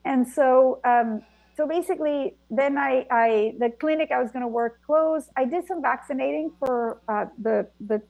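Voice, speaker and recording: A middle-aged woman from Argentina, a native Spanish speaker, tells her stories in a lively, meandering way. Her fairly high voice has a gravelly edge. The recording is dry and close, with little room sound. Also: moderate pace, no echo, rough recording. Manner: animated storytelling with frequent restarts. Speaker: guest, vintner and physician. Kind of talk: conversational interview.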